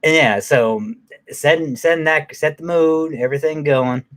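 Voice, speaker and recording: Rambling man with a fairly high voice. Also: moderate pace, fairly bright tone. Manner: rambling, with many fillers, restarts and laughs. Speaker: movie reviewer. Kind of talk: casual, profane movie recap.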